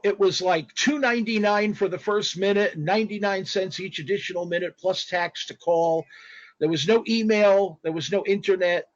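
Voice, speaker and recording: A man telling stories as a guest in a casual interview, animated and rambling, with spoken sound effects. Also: high-pitched, no echo. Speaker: guest artist. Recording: dull lo-fi dry audio.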